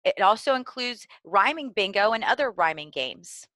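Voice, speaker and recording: A woman giving clear, deliberately enunciated instructional narration for preschool teachers. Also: mid-range voice, expressive, a bit bright, dry recording. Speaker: early literacy trainer.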